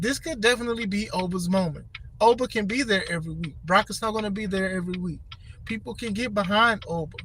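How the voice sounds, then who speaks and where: A man with a very high voice talks wrestling in a casual, animated way, leaning hard on his points and repeating phrases for emphasis. Clear steady noise sits behind him throughout the recording. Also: fast, low-quality recording. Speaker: podcast host.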